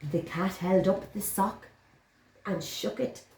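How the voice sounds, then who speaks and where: A woman's voice: medium pitch, takes it slowly, darkish tone, slight background noise. A woman teaching young children, encouraging and sing-song as she reads a picture book aloud. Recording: roomy echo.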